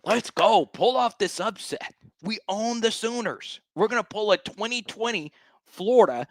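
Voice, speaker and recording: A fired-up man hosting a sports fan livestream, his voice swinging high and low as he rants. He sits a little above the usual male pitch and repeats lines for emphasis. The sound is dry and close. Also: moderate pace, no echo. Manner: hyped, animated, repeats himself for emphasis. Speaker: sports show host.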